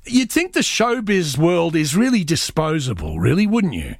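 Male radio host, high and animated with some gravel, playful. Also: normal speed, dry recording, clean studio sound. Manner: playful, sings snatches of songs. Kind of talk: casual chat.

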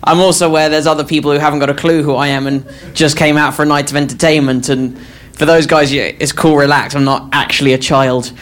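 A man in his twenties opening a stand-up set, quick and self-deprecating with the crowd. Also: on the high side, flat delivery, fairly bright tone. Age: 20s. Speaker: stand-up comedian. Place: comedy club stage, live audience.

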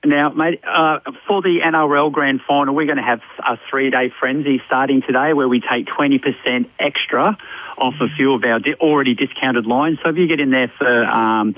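A man's voice: medium pitch, steady tone, moderate pace, fairly bright tone, dry recording. An Australian man who manages a liquor store, chatting casually on the radio and telling a joke, easygoing and calling everyone mate. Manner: matey, easygoing, says mate a lot. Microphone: phone. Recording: dry tinny phone line.

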